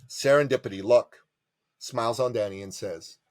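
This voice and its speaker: A man telling a business story as a podcast guest, animated and emphatic, calling the listener brother. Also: mid-range voice, moderate pace, no room sound.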